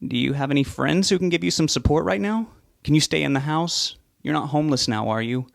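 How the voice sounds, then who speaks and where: A man voicing an irritated, impatient adult son who talks in a sharp, exasperated way. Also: a little high, a little fast, creaky, dry recording, clean studio sound, pitched above the performer's own voice. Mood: alarmed.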